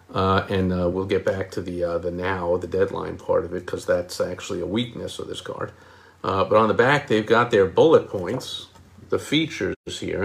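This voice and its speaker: A man's voice: on the low side, creaky. A man, a marketing consultant, critiquing advertising copy in a casual explainer, punching key words with emphasis and mocking asides.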